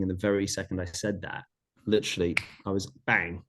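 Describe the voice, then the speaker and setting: A man's voice: deep voice, fairly even intonation, fast, background noise. A middle-aged man, a podcast guest, earnestly retelling a personal story in vivid detail, often repeating phrases.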